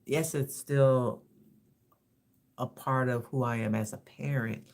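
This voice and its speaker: A woman in her fifties shares personal reflections at a slow, unhurried pace. Her voice carries a gravelly, creaky texture. She halts and repeats words as she searches for what to say. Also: rumbling low, steady tone. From Los Angeles, USA. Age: 50s. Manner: halting and reflective, repeats words, soft-spoken candor. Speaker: livestream host.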